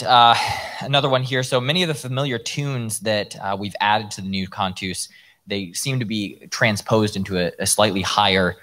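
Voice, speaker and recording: A man's voice: sits low, fairly bright tone. A man moderating a question-and-answer session, reading out questions with short acknowledgments. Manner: reads out audience questions, brief affirmations. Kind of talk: live Q&A talk.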